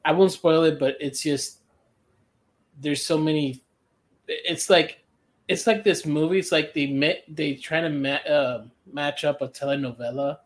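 A man co-hosting a podcast, casually retelling film endings and acting out the characters' lines. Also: medium pitch. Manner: laughs while retelling plots, acts out characters' lines. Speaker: podcast co-host.

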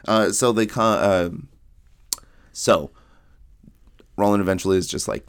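A man co-hosting a podcast, talking through a book in casual chat and rambling through retold scenes with quick quotes from the characters. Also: deep voice, creaky. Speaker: podcast co-host.

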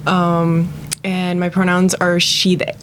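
A woman's voice: on the low side, completely flat delivery, slow pace, noisy background. A woman from Florida who edits the podcast, speaking in a cheeky, upbeat way. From Florida, USA. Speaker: podcast editor. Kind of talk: casual chat and read disclaimer.

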